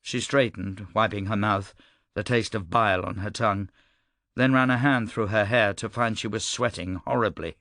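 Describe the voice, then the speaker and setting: A male audiobook narrator with a low, gravelly voice, reading with steady, measured storytelling. The sound is close and dry, with no room around it. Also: dry recording. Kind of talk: scripted narration.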